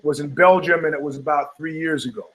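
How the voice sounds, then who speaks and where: This older man's voice has a fairly high pitch and moves a little fast as he hosts a talk-show podcast. His delivery is a loose, profanity-laden rant, with lively storytelling where he performs the quoted voices of the people involved.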